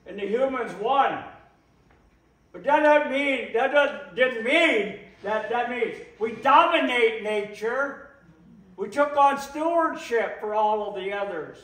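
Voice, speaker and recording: A man giving an impassioned public talk, slow and emphatic, repeating phrases for weight. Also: extremely high pitch, animated, fairly bright tone. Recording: echoey room, voice from a distance.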